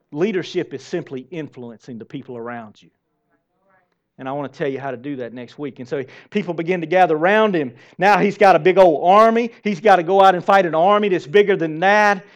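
A man preaching a sermon to a church congregation, lively and asking them direct questions. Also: on the high side, normal speed. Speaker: pastor. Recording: dull lo-fi sermon recording.

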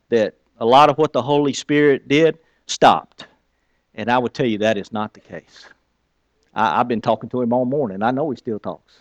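Pastor guy preaching, chatty, goes quiet then gets loud and lively, dry close sound. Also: mid-range voice, dry recording. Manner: conversational preaching, swings from hushed to animated. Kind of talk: sermon.

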